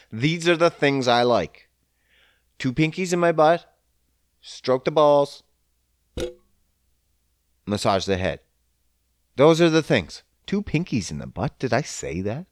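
Man, casual monologue, crude and profane, rambling, lively up-and-down pitch, dry close sound. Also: clear, resonant tone, no room sound. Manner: laid-back, smoking while talking.

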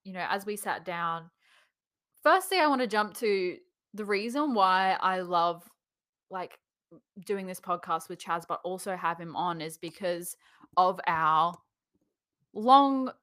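A young woman hosting a podcast, chatting casually and telling stories in a lively way. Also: fairly low pitch, slow, long pauses, no room sound, studio quality. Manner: lively storyteller, laughs through anecdotes. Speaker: podcast host. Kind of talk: casual chat.

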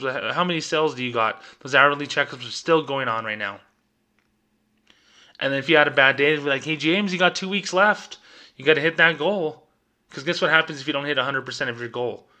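A young man holds forth on his podcast in an exasperated rant. His voice is bright and edged, and his pitch sits in an ordinary middle range. He keeps breaking into short impressions of managers and customers. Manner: exasperated, acts out bosses and customers mid-rant. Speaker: podcast host. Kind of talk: ranting commentary.

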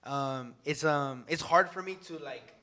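A young man sharing his faith in a casual group discussion, excitable and joking, rambling with many fillers. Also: fairly high pitch, unhurried. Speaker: youth group speaker.

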